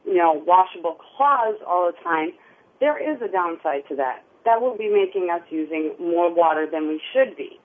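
A woman's voice: fairly low pitch, animated. Hesitant woman calling in by phone. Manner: hesitant, halting. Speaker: caller. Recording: tinny phone line.

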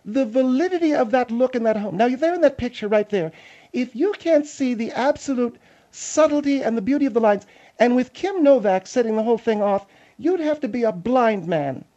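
A man's voice: very high voice, animated, normal speed, warm tone, voice pushed up. Man doing a condescending lady co-host for a comic radio bit: lofty, mocking, sing-song, slightly muffled sound. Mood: haughty. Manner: haughty, lecturing, mocking. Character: snooty, condescending middle-aged woman co-host. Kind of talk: comedic radio talk bit.

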